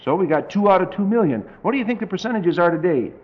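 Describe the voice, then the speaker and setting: A man preaching a verse-by-verse Bible study with dry, folksy humor, reading scripture slowly. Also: high-pitched, lively intonation. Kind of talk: verse-by-verse Bible teaching sermon. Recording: dull lo-fi tape recording.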